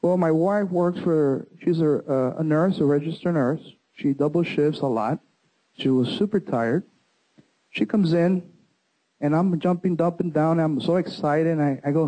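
A middle-aged man speaks to a crowd in a fairly high yet mellow voice, recounting his own story. He tells it in an animated way, trips over and repeats words, and keeps calling his listeners folks. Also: unhurried, rough recording. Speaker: speaker giving a talk to an audience. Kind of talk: personal storytelling presentation.

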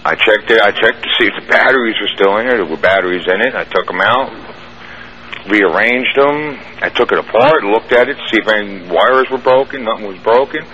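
Calling in to a radio show, a man with a lower voice talks a little fast as he tells a long, rambling tale of his own experience, plainspoken and full of restarts. The broadcast is muffled, with a faint hiss underneath.

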